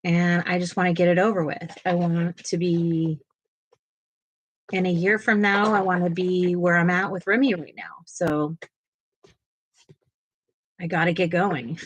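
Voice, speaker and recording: A woman's voice: lowish voice, fairly even intonation, a little slow, pauses often, dry recording. A woman hosting a coloring livestream, chatting casually and talking to her viewers in the chat as she colors. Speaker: livestream host.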